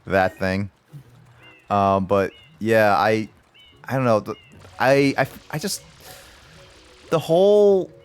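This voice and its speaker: A man's voice: low voice, clear, resonant tone. A man hosting a livestream, chatting casually with friends in a rambling way, full of restarts and fillers. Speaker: livestream host. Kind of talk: casual chat among friends.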